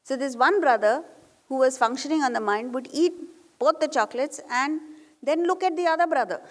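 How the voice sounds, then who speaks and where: Woman, spiritual discourse, fairly high voice, long hall reverb. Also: fairly quick. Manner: storytelling with questions to the audience. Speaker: spiritual teacher.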